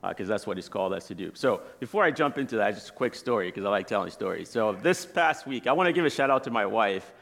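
A man's voice: fairly low pitch, lively intonation, fast, vocal fry, hardly any pauses, a bit bright. A man in his thirties preaching in a church as a guest speaker, telling personal stories in a casual, chatty way and laughing as he goes. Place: church sanctuary.

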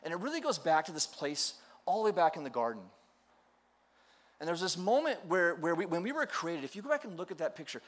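Animated storytelling male pastor. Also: high voice, a little fast. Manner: storytelling with playful acted quotes and self-deprecating humor. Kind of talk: sermon.

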